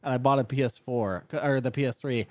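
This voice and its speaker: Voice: mid-range voice, fast, a little mellow, no echo. A podcast co-host chatting casually, joking, laughing often and swearing freely. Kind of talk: casual chat.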